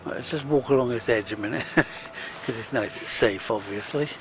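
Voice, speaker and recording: A man's voice: mid-range voice, moderate pace, noisy background. A British man giving casual, chatty commentary while playing a space exploration game, chuckling and muttering to himself as he goes. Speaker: let's play gamer.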